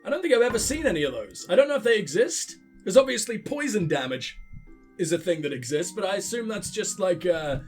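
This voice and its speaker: A man's voice: high voice, very animated, brisk, soft background music. A man hosting a let's play, rambling and sarcastic as he comments on the game and swears freely. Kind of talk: casual gaming commentary.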